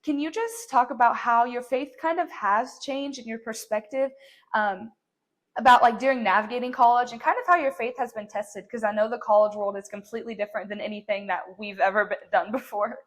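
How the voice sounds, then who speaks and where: A woman's voice: a little high, a little fast. A young woman hosting a faith podcast, talking in an earnest, encouraging way with lots of "like". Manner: earnest, encouraging, says "like" often. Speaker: podcast host.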